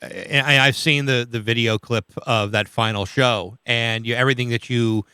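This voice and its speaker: A man hosting an interview, asking questions with halting, stammering starts. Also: medium pitch, steady tone, sharp tone, clean tone. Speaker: radio interview host.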